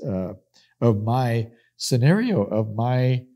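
Emphatic preacher man, mellow voice. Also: medium pitch, animated, slow. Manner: emphatic, repeats key phrases, acts out quoted speakers. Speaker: Bible teacher. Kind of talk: sermon teaching.

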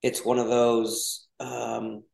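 A man's voice: medium pitch, flat delivery, slow, creaky, a little mellow. Guy from mexico rambling on a podcast, lots of uh and like, echoey room. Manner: rambling, many restarts and fillers. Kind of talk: casual podcast conversation. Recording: roomy echo.

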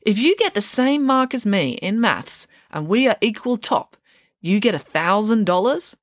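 A woman's voice: mid-range voice, lively intonation, measured pace, no echo, pitched above the performer's own voice, lightly acted. A woman voicing a fussy, ambitious schoolgirl in a storybook reading, speaking in a prim, emphatic way. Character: ambitious schoolgirl, fussy top maths student.

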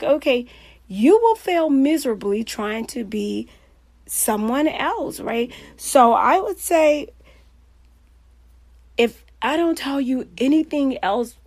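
A woman coach giving a motivational talk, telling stories in a lively, anecdotal way and laughing often. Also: on the high side, dry recording.

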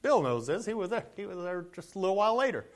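Male pastor, sermon delivery, very high pitch, earnest, repeats himself. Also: sing-song, quick pace. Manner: earnest preaching, often restarts and repeats words.

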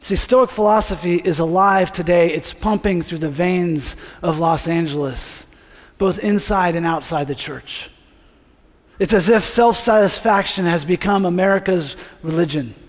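A man's voice: sits high, measured pace. A male pastor preaching a sermon in a conversational way, asking the congregation to repeat words after him. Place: church sanctuary. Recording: long reverb of a large hall.

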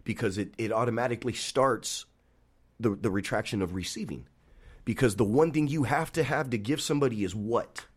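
Animated man telling barbershop stories. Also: medium pitch, a little fast, breathy edge. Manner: animated storyteller acting out quoted dialogue. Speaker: barbershop owner, podcast guest. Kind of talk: casual podcast conversation.

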